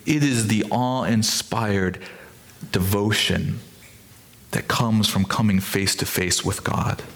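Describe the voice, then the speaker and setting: A man preaching a sermon as a pastor, talking through scripture and acting out the quoted speech with lively emphasis. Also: on the low side, takes it slowly.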